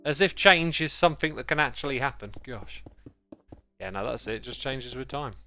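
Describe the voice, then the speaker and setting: A man's voice: medium pitch, lively intonation, moderate pace, sharp tone, soft background music. A man with a British accent chatting casually and playfully on a game livestream, joking along with the chat he reads out. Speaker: game streamer.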